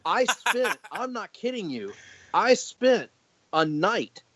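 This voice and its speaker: A man chatting casually on a podcast, an animated storyteller who laughs often and keeps restarting his sentences. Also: high voice, takes it slowly, no echo. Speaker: podcast guest. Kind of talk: casual chat. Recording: dry muffled podcast audio.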